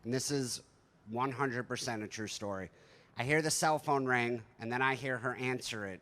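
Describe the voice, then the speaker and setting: A stand-up comedian in his thirties tells stories on stage in a conversational, profane, self-deprecating way. His voice is medium-pitched and fairly bright, at a moderate pace.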